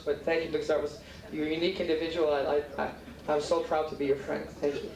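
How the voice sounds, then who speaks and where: A man's voice: fairly high pitch, little pitch movement, quick pace, gravelly, hardly any pauses, background noise. A middle-aged man giving a heartfelt, rambling thank-you speech at a martial arts banquet dinner, with many restarts. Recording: echoey hall, mic far off, faint room ambience.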